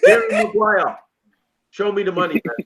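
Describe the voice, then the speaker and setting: A man's voice: sits high, normal speed, a crowd in the background. A young man, joking loosely and chiming in during crude banter on a stream. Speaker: stream co-host.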